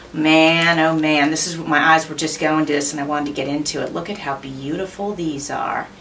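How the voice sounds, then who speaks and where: A woman's voice: lowish voice, fairly bright tone, recorded from a distance, a little hiss or hum. A woman hosting her own craft channel, chatting through an unboxing with gushing enthusiasm. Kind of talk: unboxing narration.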